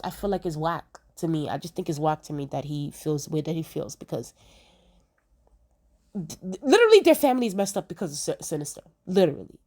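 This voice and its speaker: A young woman reviews a TV episode in a laid-back vlog, her voice fairly low and somewhat dark. She's talkative and emphatic, repeating points for effect.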